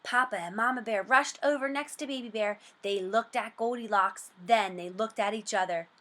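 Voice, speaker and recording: A woman reading a storybook aloud for children, slow, expressive and sing-song, then asking comprehension questions. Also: on the high side.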